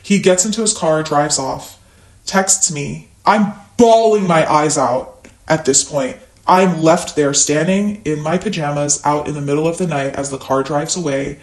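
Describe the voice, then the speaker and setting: A woman from the American Midwest, a podcast guest telling a candid personal story and acting out the lines of others with sudden jumps in pitch. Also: measured pace, echoey room, rough recording. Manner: animated, acts out quoted lines with big pitch jumps.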